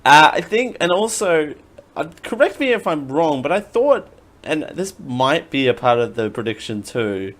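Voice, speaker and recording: A man's voice: on the high side, sing-song, moderate pace, fairly bright tone. A man hosting a podcast in casual chat, joking around and laughing often. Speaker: podcast host.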